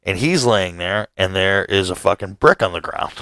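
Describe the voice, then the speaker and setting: A man's voice: sits low, lively intonation, unhurried, sharp tone. A man co-hosting a podcast, telling a rambling, profanity-laced story in casual chat and laughing through it. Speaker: podcast co-host.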